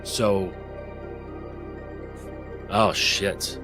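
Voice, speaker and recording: A lowish male voice delivering a coaching talk in a slow, measured way, blunt and peppered with casual swearing. Soft new-age music plays clearly in the background. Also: fairly even intonation. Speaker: men's coach.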